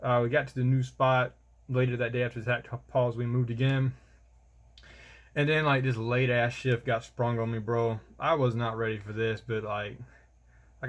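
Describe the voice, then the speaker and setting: A young man, telling a rambling, slangy vlog story about army training and calling the listener bro. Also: mid-range voice. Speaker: soldier vlogger.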